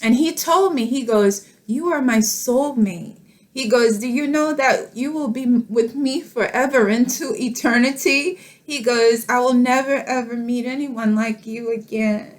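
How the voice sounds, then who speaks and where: A middle-aged woman speaking to camera in a tender, emotional personal vlog, laughing softly through tears as she talks. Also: fairly high pitch, a little slow. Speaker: vlogger.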